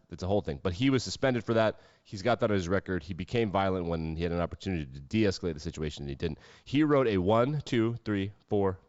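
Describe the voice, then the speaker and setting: A man's voice: low-pitched, no echo, lo-fi sound. A man hosting a solo sports podcast, talking casually with sarcastic, wry asides. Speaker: podcast host.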